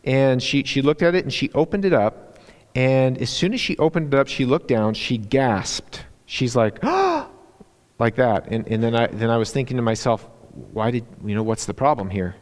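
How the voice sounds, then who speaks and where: Man preaching in an echoing church. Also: mid-range voice. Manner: halting, many fillers and restarts. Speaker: guest preacher. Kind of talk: sermon with personal stories. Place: church sanctuary. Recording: long church hall reverb.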